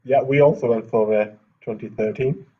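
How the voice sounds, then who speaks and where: A man's voice: mid-range voice, fairly even intonation, moderate pace, husky, highs cut off. A man answering as a quiz contestant in a casual, slightly hesitant way.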